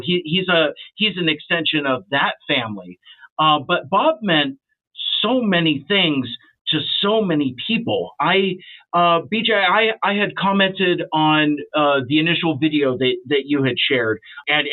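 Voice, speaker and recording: A man hosting a podcast interview, speaking reflectively with frequent restarts. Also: a little high. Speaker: podcast host. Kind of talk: casual interview. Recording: tinny phone-like line.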